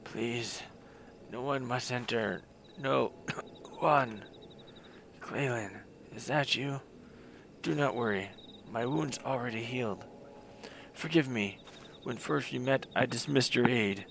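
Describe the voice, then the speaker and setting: Faint, earnest wounded young woman in a game, hesitant and pleading, read by a man with a gravelly tone. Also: medium pitch, slow, long pauses, fairly bright tone, a little hiss or hum. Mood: weak.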